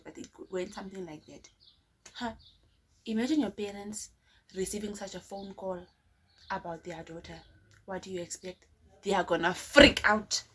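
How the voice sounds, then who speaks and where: A woman's voice: mid-range voice, a bit bright, slight background noise. A young woman telling a dramatic story to her viewers with rhetorical questions. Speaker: vlogger. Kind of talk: storytime vlog.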